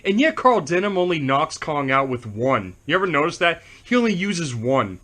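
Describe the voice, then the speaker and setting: A young man with a high, bright voice chats casually as a movie review co-host. He keeps cracking up mid-story and rambles on with loose, giggly energy. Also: expressive, normal speed, few pauses. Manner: giggly, keeps breaking into laughter while telling stories. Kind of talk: casual chat.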